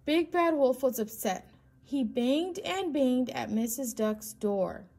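A woman, a preschool teacher, reading a children's storybook aloud in a slow, expressive way. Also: high-pitched.

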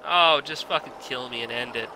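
A man giving blind let's play commentary, exasperated, swearing often and yelling at the game. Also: medium pitch, moderate pace, noisy background.

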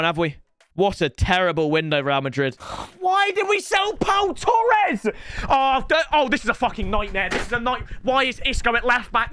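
High-pitched excitable gamer. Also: male voice, smooth. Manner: excitable, swearing, yelling at the game. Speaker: gaming YouTuber. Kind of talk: let's-play gaming commentary.

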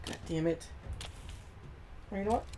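A man giving let's-play commentary as a gaming host, swearing a lot and swinging from low muttering to yelling at the game. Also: normal speed, background noise.

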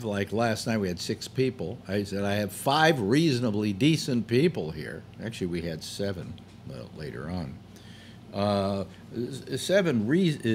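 A man with a fairly low voice talks straight into his desk mic at home, rambling through his thoughts with frequent fillers and false starts. A light background hum sits under his voice. He swears now and then when frustrated. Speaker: host. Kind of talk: casual monologue.

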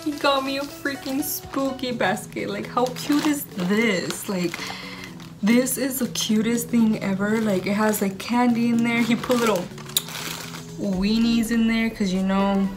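Over music, a young woman with a rather high voice vlogs to camera from home at an unhurried pace. She gushes and rambles, saying "like" a lot.

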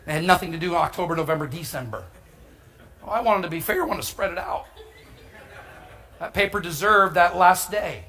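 A middle-aged man preaches through a personal story, his voice sitting high and ringing bright and forceful. He is humorous and animated, and he punches key lines with sudden emphatic shouts. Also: fairly quick, long pauses. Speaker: pastor. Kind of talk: storytelling sermon.

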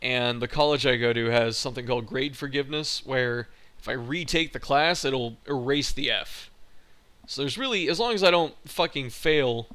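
Bright, crisp-voiced young man venting. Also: mid-range voice, normal speed. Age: young adult. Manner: frustrated, profane storytelling. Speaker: college student vlogger. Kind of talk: casual venting monologue.

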